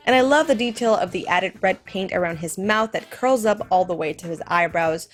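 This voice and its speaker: A woman hosting a scripted film commentary, enthusiastic and speaking directly to her viewers. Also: fairly low pitch. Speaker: video essay host.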